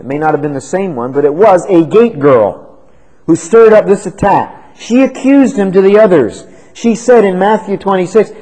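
A man preaching an expository sermon, dramatic, swinging from loud emphasis to hushed tones. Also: high voice, poor audio.

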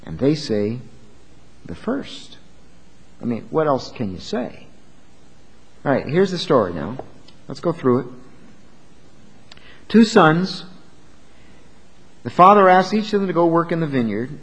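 A man preaching with a lively, swooping delivery and a slightly higher voice than most men. He talks to his listeners in an emphatic, conversational way. His voice rings out in a hall with a long reverb. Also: measured pace, long pauses, slightly rough. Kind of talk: sermon.

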